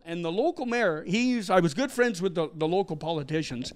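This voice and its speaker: A middle-aged man from Canada, a missionary guest telling a story with animated delivery and acted-out quotes. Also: sits high, fairly quick. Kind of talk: storytelling interview.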